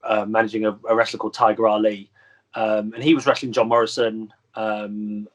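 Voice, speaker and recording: A man's voice: on the low side, flat delivery, brisk. A man in his thirties, a wrestler guest telling stories in a rambling, filler-heavy way and laughing at his own stories. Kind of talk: casual storytelling chat.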